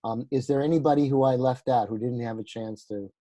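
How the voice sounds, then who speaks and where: Video-call facilitator, male, New York accent, warm dark tone. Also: medium pitch, a little fast. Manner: friendly, calling names one by one. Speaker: meeting facilitator. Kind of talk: casual video call introductions.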